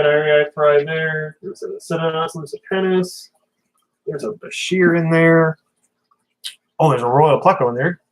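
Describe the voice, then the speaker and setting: A man's voice: on the high side, low-quality recording. A man chatting casually on a livestream, rambling as he reads out viewer comments and talks about his tanks. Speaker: fish-keeping livestreamer.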